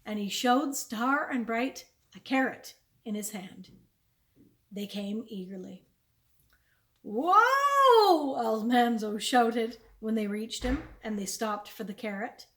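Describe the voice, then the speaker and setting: A woman, a children's librarian, reading a chapter book aloud with clear, expressive storytelling. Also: fairly high pitch, a little slow.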